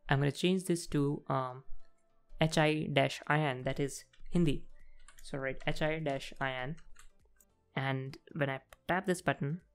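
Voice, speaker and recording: A man's voice: fairly high pitch, fairly even intonation, measured pace, clean tone, soft background music. A man hosting a programming tutorial, casually talking through each coding step as he types, with frequent fillers. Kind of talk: casual screen-recorded coding walkthrough.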